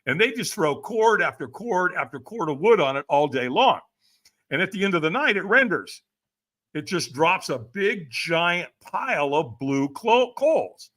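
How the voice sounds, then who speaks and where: A man's voice: sits high, very animated, a little slow, a bit bright. A middle-aged man telling a personal story as a podcast guest, acting out the other voices with big swings. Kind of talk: animated storytelling.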